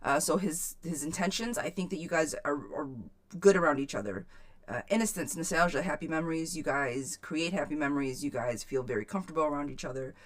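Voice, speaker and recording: A woman's voice: low voice, brisk. A woman giving a live tarot reading to viewers, chatty and frank, swearing casually and calling people sweetheart. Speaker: tarot reader.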